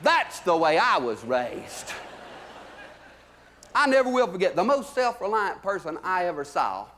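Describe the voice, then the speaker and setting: A male stand-up comedian with a Southern US accent, telling folksy stories in a drawl and swinging between loud punchlines and low asides, recorded on a theater stage. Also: sing-song, measured pace, a little hiss or hum. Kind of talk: live stand-up storytelling.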